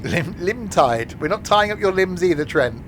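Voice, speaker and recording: A man with a high-sitting voice talks at a moderate pace while live-streaming a train simulator. He's jokey and chatty, laughing often and answering his viewers' chat, with steady noise running beneath his voice.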